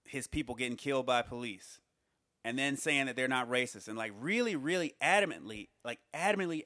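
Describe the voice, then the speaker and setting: A man's voice: medium pitch, a bit bright, no echo. Man musing aloud, dry close sound. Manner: rhetorical, questioning, halting restarts. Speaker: commentator on society. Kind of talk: casual spoken monologue.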